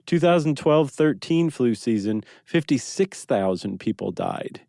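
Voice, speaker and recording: A man's voice: mid-range voice, lively intonation, unhurried, vocal fry, dark tone, dry recording, studio quality. A man co-hosting a podcast, explaining facts in curious, conversational casual chat. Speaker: podcast co-host.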